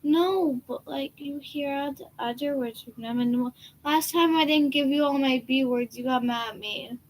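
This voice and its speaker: Playful preteen girl with a higher voice. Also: normal speed, slight background noise, poor audio. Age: about twelve. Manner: playful, teasing, giggly. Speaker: host's daughter, co-host. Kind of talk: casual chat.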